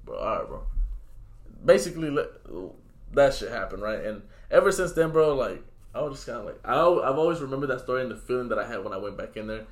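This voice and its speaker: A man's voice: medium pitch, animated, fast. A young man chatting casually on a podcast, telling stories in a loose, slangy way and laughing as he talks. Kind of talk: casual chat.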